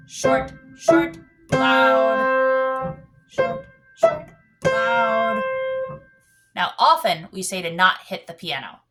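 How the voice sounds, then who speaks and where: A woman teaching a piano lesson, explaining patiently and singing out counts while she plays. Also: fairly low pitch. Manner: patient, demonstrates with sung counts. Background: piano playing.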